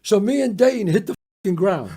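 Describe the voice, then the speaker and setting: An older man from the Bronx, telling a story as a podcast guest in a lively, profane way, acting out the other people's voices. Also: high-pitched, fairly quick, breathy edge. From the Bronx, New York. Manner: animated, profane, acts out the voices in his story. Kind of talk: casual storytelling.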